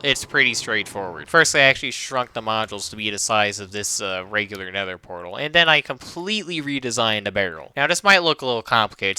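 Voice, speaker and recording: Young male gaming narrator; very bright, clean voice-over; boastful, jokey, occasionally fumbles explanations. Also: mid-range voice, clean tone, dry recording. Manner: boastful, joking, stumbles while explaining. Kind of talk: scripted narration of a gameplay video.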